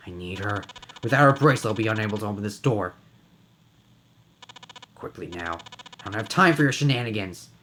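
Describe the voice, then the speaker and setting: A man voicing a slow, gloating killer. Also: fairly low pitch, slight background noise, low-quality recording. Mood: calm menace. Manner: slow, calm, mocking menace. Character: cold, gloating killer, middle-aged man.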